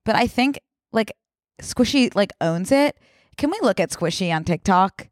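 A woman with a mid-pitched voice chats easily on a podcast. She talks about online videos, and the recording is dry and close. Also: expressive, normal speed, dry recording. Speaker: podcast co-host. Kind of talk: casual chat.

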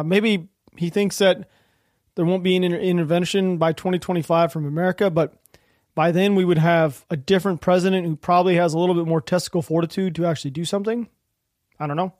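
High-voiced ranting podcast man. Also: no echo, studio quality. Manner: ranting, sarcastic, swears freely, laughs at news. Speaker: podcast host. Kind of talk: solo political podcast commentary.

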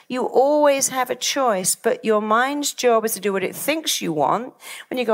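Animated woman giving a motivational talk. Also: on the high side, moderate pace. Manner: animated, acts out quoted voices. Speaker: therapist and speaker.

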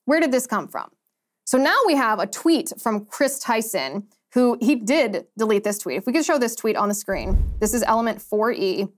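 A woman's voice: fairly high pitch, animated, normal speed. A young adult woman hosting a political commentary show, talking emphatically with indignant rhetorical questions. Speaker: host.

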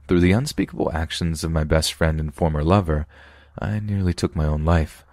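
Man, very deep voice, horror story narrator, measured, dry close mic. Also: darkish tone, dry recording. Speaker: podcast narrator. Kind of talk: scripted narration of true horror stories.

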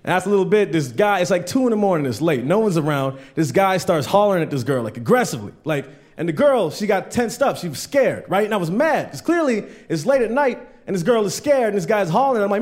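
Profane, rambling stand-up comic, fairly high voice. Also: male voice, expressive, quick pace, darkish tone. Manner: loose, profane storytelling. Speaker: stand-up comedian. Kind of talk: stand-up set. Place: comedy club stage. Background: audience laughter.

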